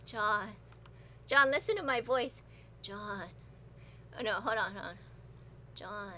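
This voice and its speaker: A woman putting on a soft, sultry sexy voice in a whispered role-play for her teammate. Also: a little high, moderate pace, slight background noise. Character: breathy teasing woman doing a sexy voice.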